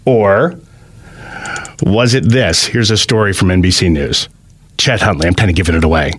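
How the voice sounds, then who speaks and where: A man's voice: low-pitched, normal speed, slightly rough. A man co-hosting a morning radio news show, playful and jokey, setting up bits for his co-host. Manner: playful, jokey, teasing setups. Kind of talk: casual morning radio banter.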